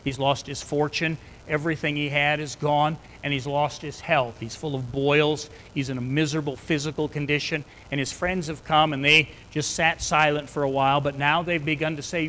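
A man's voice: on the high side, moderate pace, fairly bright tone, slight background noise, rough recording. A man preaching a sermon in an earnest way, retelling scripture in plain everyday words.

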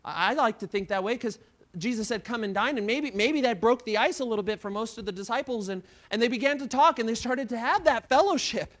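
Man, high voice, pastor preaching, repeats words, hushed then booming. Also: fairly quick. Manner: dramatic retelling, swings from hushed to loud; repeats words and restarts often. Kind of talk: sermon.

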